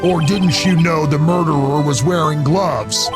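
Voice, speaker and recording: Streamer guy doing a slow drawly cowboy detective, gravelly, modulated deeper, game music behind. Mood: smug, drawling. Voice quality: gravelly, rough. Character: laid-back cowboy detective, drawling man. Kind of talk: let's play character voice.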